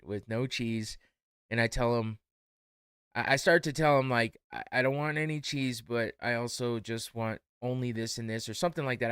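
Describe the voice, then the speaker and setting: Tired man telling a story, crisp dry voice. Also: medium pitch, dry recording. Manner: animated, laughing, acts out both sides of a story. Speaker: podcast host. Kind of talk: casual storytelling.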